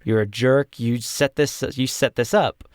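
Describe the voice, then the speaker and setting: A man's voice: mid-range voice, a little slow, smooth, no echo, clean studio sound, lightly acted. A man voicing a young male wizard from a farming town in a non-rhotic Southern accent, indignant and accusing.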